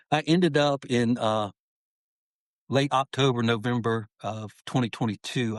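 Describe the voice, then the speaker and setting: A man's voice: lowish voice, no echo. Earnest middle-aged man, dry sound. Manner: earnest, heartfelt, peppers speech with "man". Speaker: podcast guest. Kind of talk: personal storytelling in an interview.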